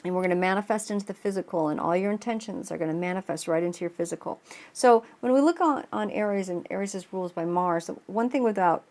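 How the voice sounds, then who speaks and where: A woman's voice: fairly low pitch, quick pace, a little mellow. A woman tarot reader talks through the month's astrology in a loose, earnest ramble. She often restarts her sentences and fills gaps with "uh" and "like" while laying out cards. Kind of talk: casual spoken astrology reading.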